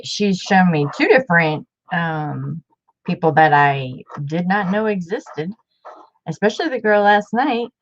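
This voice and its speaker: A woman hosting a casual craft livestream, chatting warmly and rambling, repeating herself as she works. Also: on the low side, lo-fi sound.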